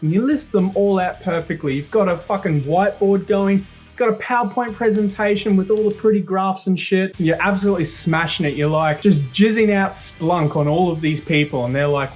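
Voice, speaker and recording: A man, ranting in a profane, animated storytelling style on a video channel. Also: sits high, a little fast, faint music behind. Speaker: cybersecurity YouTuber. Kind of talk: ranting vlog monologue.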